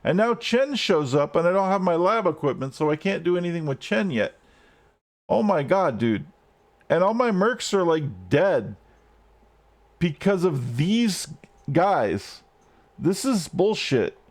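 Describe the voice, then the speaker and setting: Guy streaming a game, kinda high voice, griping and cussing nonstop. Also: big pitch swings, measured pace. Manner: frustrated, swearing, rants at the game. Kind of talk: live gameplay commentary.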